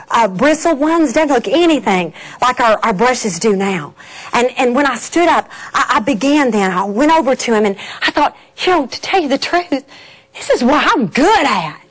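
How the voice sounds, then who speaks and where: A middle-aged woman telling a personal faith story to an audience, animated and laughing, acting out the scenes. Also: high-pitched, a little slow. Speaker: speaker.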